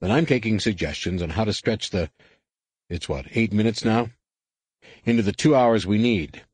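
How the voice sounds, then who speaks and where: A man's voice: low voice, expressive, moderate pace, breathy edge, dry recording. A man voicing a confident, wry male starship captain in an audiobook, giving orders with dry humor. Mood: commanding.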